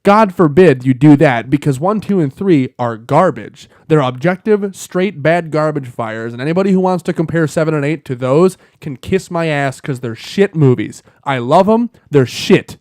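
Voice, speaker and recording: A man's voice: a little high, animated, normal speed, hardly any pauses, no echo. Young man ranting, dry close sound. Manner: profane, worked-up rants that rise to shouting. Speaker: podcast co-host. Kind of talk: casual chat.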